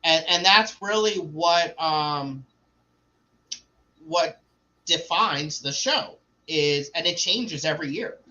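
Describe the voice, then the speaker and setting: A man with a bright, fairly high voice hosts a relaxed livestream chat. He rambles, searches for his words and often starts over. The sound is a little dull and lo-fi. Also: takes it slowly. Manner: rambling, many fillers and restarts. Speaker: livestream host. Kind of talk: casual chat.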